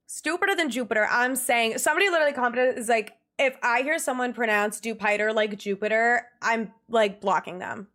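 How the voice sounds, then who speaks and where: A young woman chats with her stream viewers in a loose, casual way. Her voice sits a little high, and she rants in an exasperated, animated tone. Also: normal speed. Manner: animated, exasperated ranting with laughs. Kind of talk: casual livestream chat.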